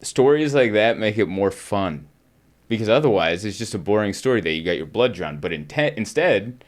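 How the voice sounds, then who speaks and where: A man hosting a podcast, telling a story in casual chat and acting out the people in it. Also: normal speed. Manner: animated storyteller, acts out quotes with jumps in pitch. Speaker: podcast host and comedian.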